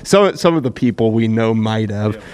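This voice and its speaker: Joking young-sounding voice actor on panel. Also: male voice, lowish voice, lively intonation, darkish tone. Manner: joking, quick laughs, restarts. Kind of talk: casual panel chat. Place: convention panel room.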